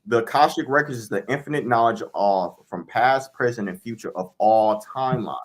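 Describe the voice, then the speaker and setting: Calm man giving spiritual answers. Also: mid-range voice, normal speed. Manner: calm, declarative, spiritual teaching. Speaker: spiritual reader, guest. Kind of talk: interview answers.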